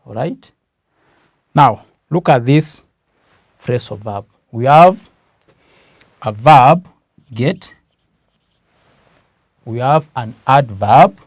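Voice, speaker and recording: A man's voice: medium pitch, animated, slightly rough, dry recording. A man with a Kenyan English accent teaching a grammar lesson, stressing key words and asking questions that he answers himself. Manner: slow, emphatic, asks questions then answers them.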